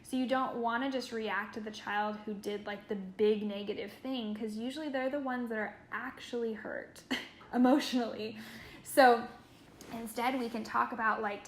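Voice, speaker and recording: A woman's voice: a little high, fairly even intonation, normal speed, a little hiss or hum. A young adult woman, a caregiver, giving an earnest, reflective training talk and saying "like" often. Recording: echoey room.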